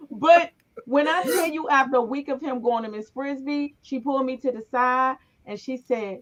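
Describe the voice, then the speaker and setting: A woman's voice: high voice, normal speed, slight background noise. A middle-aged woman hosting a casual talk show. She tells family stories with energy and acts out the voices of the people in them. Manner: animated storyteller, acts out voices in her stories. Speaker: podcast host. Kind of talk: casual conversation, storytelling. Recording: muffled, lo-fi recording.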